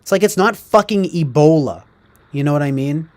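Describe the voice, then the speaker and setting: A man's voice: on the high side, animated, moderate pace. A man ranting casually, rambling and profane, with heavy fillers. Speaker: streamer. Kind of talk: casual rant.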